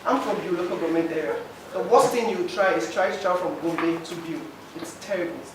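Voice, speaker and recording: Speaking into a handheld mic, a Nigerian man with a high voice and a slightly fast delivery pleads his case emotionally at a public forum. The impassioned comment echoes through a noisy hall, recorded from a distant mic.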